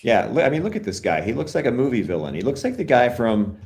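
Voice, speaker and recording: A man's voice: medium pitch, sing-song, quick pace, darkish tone. A man in his forties co-hosting a podcast, joking around crudely in casual banter. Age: 40s. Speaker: podcast co-host.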